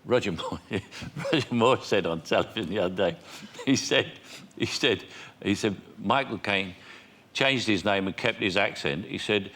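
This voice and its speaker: A man's voice: lowish voice, normal speed, a bit bright. A man in his seventies with a London working-class accent, chatting as a guest and telling self-mocking anecdotes. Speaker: guest actor. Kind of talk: casual chat. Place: TV studio with audience.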